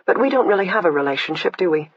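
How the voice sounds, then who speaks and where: A man voicing a measured, clinical woman. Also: high voice, lively intonation, slightly rough, pitched above the performer's own voice. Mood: resolved. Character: calm, composed woman who feels no pain. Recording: dull lo-fi, dry.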